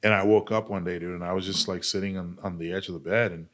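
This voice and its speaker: Deep-voiced man, blunt and profane. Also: steady tone, quick pace, a bit bright. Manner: blunt and profane, heavy use of "like" and "dude"; earnest, speaks openly about pain and recovery. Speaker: podcast guest, army veteran. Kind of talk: casual candid storytelling.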